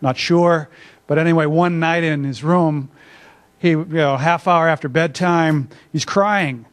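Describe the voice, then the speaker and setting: A man's voice: fairly high pitch, unhurried. An older man, an academic, giving a conversational workshop presentation in a conference room, with frequent filler words. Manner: conversational, self-deprecating, many filler uhs. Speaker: academic speaker.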